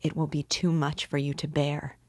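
A woman's voice: sits low, flat delivery, normal speed, darkish tone, dry recording. Woman reading as Sonia, fervent pleading young woman. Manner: fervent, imploring.

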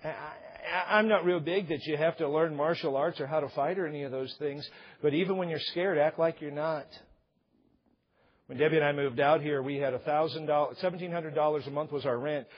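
Middle-aged male pastor, slightly high husky voice, comic sermon delivery, dull lo-fi sound. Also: steady tone, fairly quick. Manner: joking, acts out couples' voices. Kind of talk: humorous sermon.

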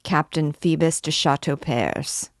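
A woman's voice: low voice, unhurried, no echo, studio quality. A woman voicing a sinister cloaked man with a sepulchral, cold and bitter manner.

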